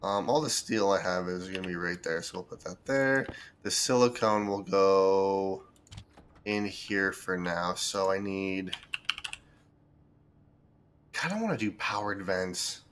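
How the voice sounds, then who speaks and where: A man streaming a building game, thinking aloud in relaxed commentary as he sorts items and plans what to build. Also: sits low, takes it slowly, long pauses, slight background noise. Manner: thinks aloud, with fillers and restarts. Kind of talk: casual gameplay commentary.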